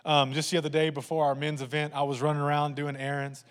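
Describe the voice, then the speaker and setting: A pastor preaching a sermon, telling funny family stories to his congregation in an animated way. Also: on the high side, fast, long reverb tail. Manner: animated, humorous storytelling to a congregation.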